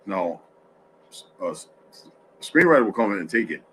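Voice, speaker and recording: His voice low yet fairly bright, a drowsy man hosts a home livestream at normal speed with a sing-song lilt, yawning and rambling through restart after restart. A faint background hiss runs under the low-quality recording.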